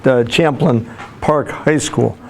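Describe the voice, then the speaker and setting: A man's voice: mid-range voice, slow, creaky, a little mellow, a little hiss or hum. A man in his sixties, a school counselor, telling folksy stories with fillers and restarts as a guest speaker in a classroom. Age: 60s. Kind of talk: motivational talk to students.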